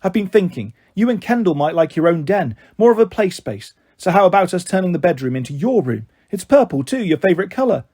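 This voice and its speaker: A woman's voice: lowish voice, sing-song, a little fast, hardly any pauses, warm tone, slightly rough. A man voicing a young mother with a snappy, bossy manner. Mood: coaxing. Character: cross, flighty young mum, sharp-tongued.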